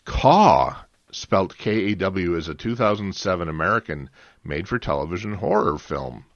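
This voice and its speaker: A man with a very low voice talks through a film in a casual podcast chat. He rambles and often restarts his sentences. The sound is dull and lo-fi, and quite dry. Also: expressive, normal speed, no room sound. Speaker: podcast co-host.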